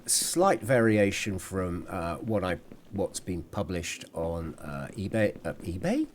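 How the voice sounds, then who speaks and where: A man talks through his gameplay in a relaxed, chatty way, pausing to hum or apologise. His voice sits low but rises and falls with a lot of life. Faint game ambience hums behind him. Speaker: gameplay commentator. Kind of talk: casual gameplay commentary.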